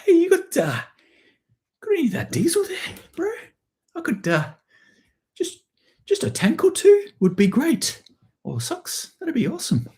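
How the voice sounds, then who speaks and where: A man putting on a high, squeaky New Zealand accent, voicing a laid-back bloke cheerfully cadging fuel. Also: huge pitch swings, a little slow, pauses often, dark tone, full character voice. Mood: cheeky pleading. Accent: put-on New Zealand. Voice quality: squeaky, strained falsetto. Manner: breezy, cadging, overly friendly.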